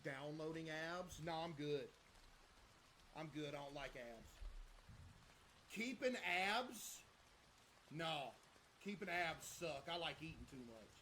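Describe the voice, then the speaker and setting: A young man chats through a livestream in a relaxed, joking way, bragging to his viewers in loose slang. His voice sits high and rings very bright and forward. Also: takes it slowly, pauses often, a little hiss or hum, low-quality recording. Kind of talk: casual livestream chat.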